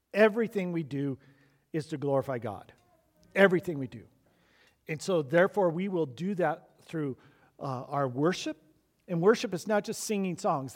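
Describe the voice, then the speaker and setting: A pastor preaching a sermon to his church, emphatic and repeating key lines for stress. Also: on the high side.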